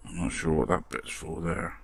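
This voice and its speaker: Man, deep gravelly voice, casual workshop commentary, mutters and swears mildly as he works. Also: normal speed, very noisy. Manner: chatty, muttering while working, mild swearing. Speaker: model restoration vlogger.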